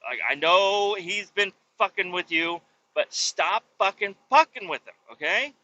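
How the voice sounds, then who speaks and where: A man's voice: high voice, a little slow, sharp tone, muffled recording. A man putting on a bossy older male leader who scolds others like a parent, swearing, in a comedy rant. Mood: scolding.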